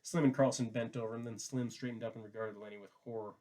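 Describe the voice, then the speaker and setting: A man reading a novel aloud as narrator, in a measured, steady way. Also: mid-range voice. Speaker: audiobook reader.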